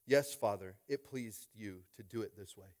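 A man preaching a sermon in an animated way, tossing out call-and-response asides and swinging from loud to hushed. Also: on the low side, normal speed. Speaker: pastor.

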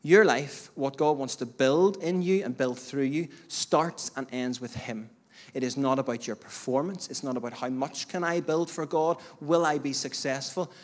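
A pastor preaches a sermon in a mid-range male voice at normal speed. He speaks emphatically, addressing the congregation directly, with rising bursts and repeated phrases.

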